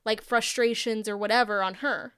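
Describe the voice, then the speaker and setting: Young woman podcast co-host, high-ish and smooth, casual and rambly. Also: fairly even intonation, moderate pace, a bit bright. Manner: chatty, lots of "like" fillers, thinking aloud. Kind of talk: casual chat.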